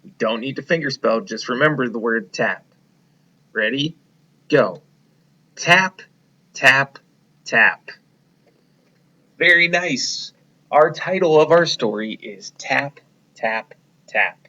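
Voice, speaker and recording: A man's voice: medium pitch, animated, sharp tone, highs cut off. A man teaching a reading lesson to young children, encouraging them and leading them step by step. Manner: slow, encouraging, leads the class step by step.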